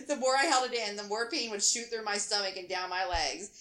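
A woman's voice: medium pitch, normal speed. A woman host in her thirties reading a funny story aloud and laughing as she goes. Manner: animated, laughing through the reading. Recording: roomy echo.

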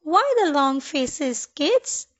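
A woman voicing a kindly old male elephant headmaster in a storybook reading, booming and hearty. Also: sing-song, slow, highs cut off, exaggerated voice.

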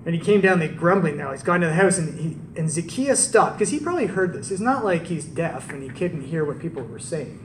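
An animated male preacher with a fairly high voice tells the story to a live crowd and keeps checking in with rhetorical questions. He sounds a bit far from the mic, and the large room adds a strong echo. A faint hum of ambience sits underneath. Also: brisk, hardly any pauses. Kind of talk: conversational sermon.

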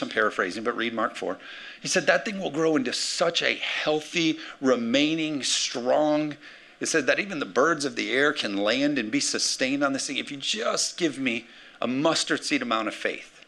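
A man preaching a sermon as pastor, energetic, calling for amens and acting out the words of scripture figures. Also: medium pitch. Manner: energetic, calls for amens, acts out quotes.

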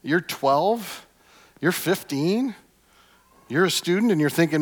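A man preaching a sermon as a pastor, emphatic, with repeated refrains that swing from hushed to loud. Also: fairly high pitch, animated, takes it slowly, long pauses. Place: church sanctuary. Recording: long hall reverb.

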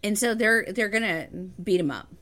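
A woman chatting about a film, jumping in to fix the plot details. Her voice is animated and moves a lot in pitch, though it sits at a middling level. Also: moderate pace. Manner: lively, corrects and fills in plot details. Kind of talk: casual movie recap chat.

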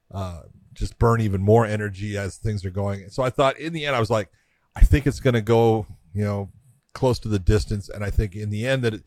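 A man's voice: lowish voice, a little mellow, no echo. A middle-aged man co-hosting a fight podcast, breaking down a bout in a laid-back, casual chat. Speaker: podcast co-host.

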